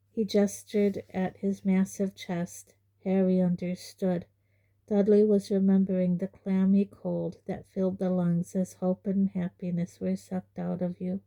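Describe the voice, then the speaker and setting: A woman narrating an audiobook in a measured, even way. Her voice is very dark and mellow, and she takes an unhurried pace. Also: mid-range voice. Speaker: audiobook reader.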